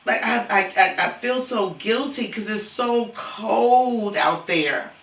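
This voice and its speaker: A man talks through his grief in a halting vlog, stumbling over his words and circling back to them. His voice sits high and bright. He is recorded from a distance in an echoing room. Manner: halting, stammering, repeats words. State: grieving, cried out. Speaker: lifestyle vlogger. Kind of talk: emotional vlog monologue. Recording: roomy echo, far from mic.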